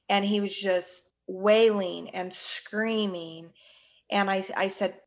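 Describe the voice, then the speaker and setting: Woman in her forties, slow grieving storyteller, muffled lo-fi sound. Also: medium pitch, fairly even intonation. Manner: slow, halting, with restarts. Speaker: guest recounting her son's death. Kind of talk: emotional personal account.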